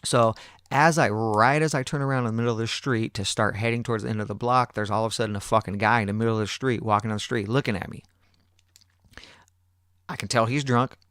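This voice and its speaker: A man's voice: fairly low pitch, quick pace, clean tone, dry recording, clean studio sound. A man hosting a podcast, telling a long story casually, swearing a lot and acting out other people's lines. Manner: profane, animated, acts out other people's lines. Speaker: podcast host.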